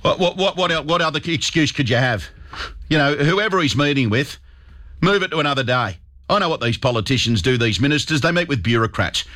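A man's voice: on the high side, lively intonation, a little fast, pushed and bright. A man with an Australian accent hosting a talkback radio show, speaking with fired-up, indignant emphasis into a studio microphone. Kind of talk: talk radio commentary.

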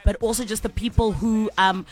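A woman radio host from South Africa tells her story with lively, playful energy in easy studio banter. Her voice sits in a mid range. Soft music plays faintly under her talk. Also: mid-range voice, a little fast.

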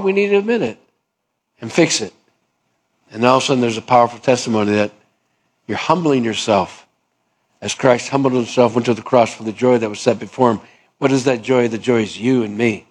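A middle-aged man preaching a sermon as pastor, emphatic, acting out quoted dialogues with shifting pitch.

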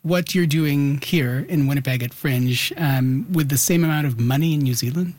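A man hosting a radio interview, brisk and friendly, moving things along with short prompts. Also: on the high side, darkish tone. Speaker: radio host. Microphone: studio microphone.

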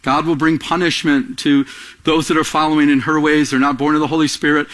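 A man's voice: fairly high pitch, little pitch movement, fairly quick, fairly bright tone. A middle-aged man preaching a conversational sermon, calling out to the congregation and acting out little scenes. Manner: conversational preaching with acted asides and audience prompts. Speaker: pastor.

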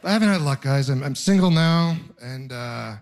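A man's voice: medium pitch, animated, normal speed. Self-deprecating stand-up comedian, a man. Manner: self-deprecating, rambling with restarts and exaggeration.

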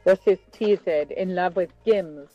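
A woman's voice: lowish voice, measured pace, dark tone, no echo, soft background music. A woman calling in with a voice note to a radio show, gushing with enthusiasm. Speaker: caller. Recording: dull, dry voice note.

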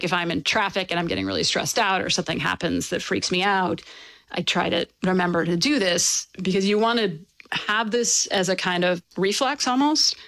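A woman being interviewed as an author, explaining and telling stories in a lively, casual way with fillers. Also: on the low side, no room sound. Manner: animated, storytelling with fillers and laughs.

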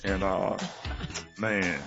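A man's voice: deep voice, level tone, drawn-out words, highs cut off, music in the background. A man hosting a radio morning show, joking and teasing his co-host.

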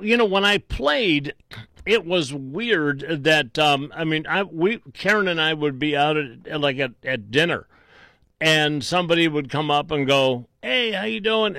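A man's voice: fairly high pitch, sharp tone, dry recording. A man hosting a call-in radio show, chatting easily with callers and rambling through frequent restarts. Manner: easygoing, rambling with many restarts. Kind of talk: casual call-in chat.

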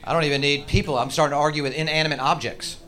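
A man's voice: on the high side, fairly even intonation, rapid-fire, bright, forceful tone. A man performing stand-up comedy with profane, mock-angry rants. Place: comedy stage. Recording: noisy live stage recording.

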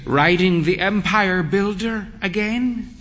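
Man playing frail old woman in furs, proud and theatrical, high quavering voice pushed well above his own, bright and lively. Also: slow pace. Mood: wistful. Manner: high, quavering, grandly dramatic.

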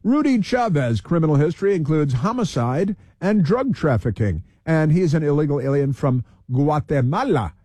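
A man's voice: a little high, animated, moderate pace, few pauses, dark tone, no echo. A man hosting political talk radio, heated, repeating himself and reeling off long lists.

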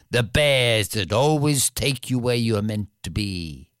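A woman telling a fairy tale aloud in an expressive, drawn-out storytelling delivery. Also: extremely low pitch, dry recording, clean studio sound.

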